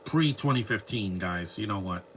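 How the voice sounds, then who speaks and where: A man with a lowish voice and lively intonation talks at normal speed, his tone fairly bright, with a little hiss or hum in the background. He's watching fan films on a live stream and talking back to the screen, tossing out sarcastic jokes and grumbling rants as casual reaction commentary.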